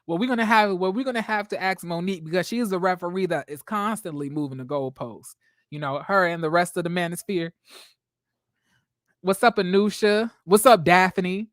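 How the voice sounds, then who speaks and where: A woman's voice: on the low side, moderate pace, no echo, clean studio sound. A woman in her twenties hosting a casual livestream, chatty and sassy, greeting viewers by name. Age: 20s. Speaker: livestream host.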